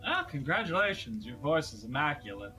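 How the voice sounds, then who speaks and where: A man's voice: fairly high pitch, very animated, brisk, sharp tone, faint music behind. A man playing a tabletop game, wry and chatty, slipping into polite in-character talk. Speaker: player. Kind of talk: casual tabletop play.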